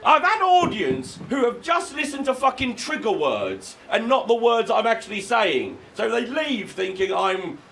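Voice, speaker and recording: UK stand-up, male, high and lively delivery, crude sardonic humour. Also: a little slow, gravelly, hardly any pauses, slight background noise, low-quality recording. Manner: crude, sardonic, erupts into shouted rants in character. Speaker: stand-up comedian. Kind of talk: live stand-up routine. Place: comedy venue with live audience.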